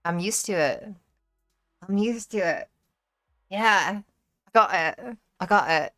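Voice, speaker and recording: A woman's voice: medium pitch, expressive, slow, a bit bright, soft background music. A woman livestreamer chatting casually with her viewers, blunt and profane, with many fillers, and joking about herself when she tries accents. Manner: self-deprecating when trying accents. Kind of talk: casual live-stream chat.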